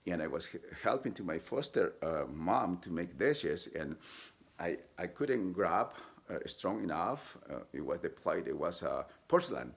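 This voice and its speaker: A man with a deep, gravelly voice tells his own story in a personal storytelling style. He talks haltingly, with frequent fillers and restarts. He jumps into high, lively voices when he quotes other people. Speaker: vlogger telling his life story.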